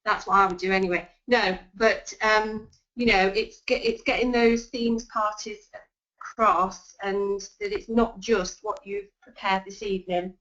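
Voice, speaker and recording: A woman's voice: medium pitch, fairly even intonation, unhurried, a bit bright. A woman giving sales tips in a webinar, chatty and full of ums and restarts. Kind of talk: webinar talk. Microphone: video call. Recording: dull lo-fi web call audio.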